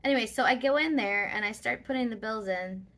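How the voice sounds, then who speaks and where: A woman's voice: a little high, a little fast, fairly bright tone. A woman vlogger telling a personal story in casual, rambling talk with many fillers.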